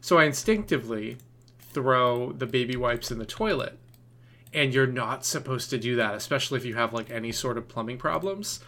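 Podcast co-host, male, bright and punchy tone, loose rambling storyteller. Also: medium pitch, moderate pace. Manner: rambling, animated storytelling with many fillers. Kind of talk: casual storytelling chat.

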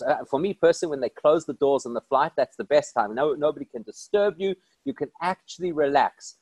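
Male rabbi, animated storyteller, a touch high-pitched, dry close sound. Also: dry recording. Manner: animated, emphatic storyteller with rhetorical questions. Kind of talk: inspirational storytelling talk.

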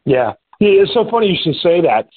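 Husky radio host on a thin line. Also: male voice, high-pitched, a little fast. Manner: animated storytelling, talks through fillers. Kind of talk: casual on-air chat. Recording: phone-like radio audio.

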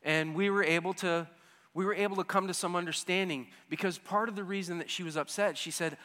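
A man in his fifties tells a funny story from his own life, dropping to hushed asides and then rising into loud, excited bursts. His voice is fairly high and bright. It rings out with a long echo, as in a large hall. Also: fast talker. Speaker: storyteller speaking to an audience. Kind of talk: humorous personal storytelling.

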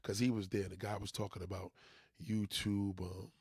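Gravelly, husky man venting bluntly. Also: lowish voice, little pitch movement, normal speed, a little mellow, no room sound, studio quality. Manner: profane, emphatic venting. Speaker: junk removal business owner. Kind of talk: casual rant to camera.

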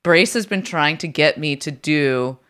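A woman hosting a podcast, dry and teasing in loose banter. Her voice sits very low for a woman. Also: measured pace, a bit bright, clear, resonant tone. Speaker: podcast co-host. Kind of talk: casual podcast chat.

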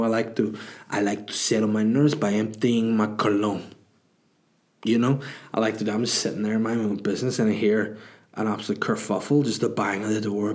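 Low-voiced man in a rambling, crude chat. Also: darkish tone. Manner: rambling, crude and self-mocking. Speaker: podcast host and comedian. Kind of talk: casual chat.

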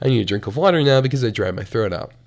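A young man in a college dorm room hosting a solo podcast, profane and animated, swinging between mumbled asides and loud outbursts. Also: mid-range voice, fast. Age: young adult. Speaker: podcast host. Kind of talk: casual solo podcast rant.

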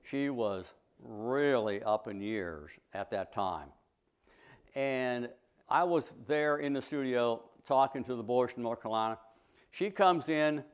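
A man's voice: mid-range voice, smooth. A middle-aged man, a sculptor, giving a folksy, plainspoken talk to a history club, full of anecdotes and blunt opinions.

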